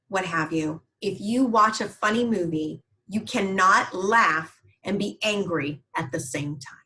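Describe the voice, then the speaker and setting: A woman's voice: on the high side, bright, forceful tone, low-quality recording. Encouraging woman leading a group call. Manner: encouraging, reflective. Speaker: host.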